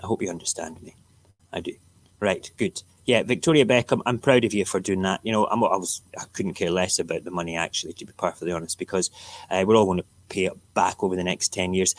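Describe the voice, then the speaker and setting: A middle-aged Scottish man with an Edinburgh accent hosts a relaxed live stream, leafing through the morning papers. His voice sits fairly low, and he rants and jokes with his viewers in a loose, chatty way. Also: brisk. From Scotland. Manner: ranting, jokey, talks back to chat viewers. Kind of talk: casual morning chat reading newspapers.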